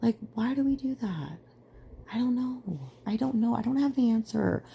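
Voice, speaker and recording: A woman's voice: on the high side, expressive, normal speed, gravelly, dark tone, slight background noise. A young adult woman hosting a podcast, talking in an earnest, emphatic monologue full of "like" fillers. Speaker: podcast host. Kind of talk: casual personal monologue.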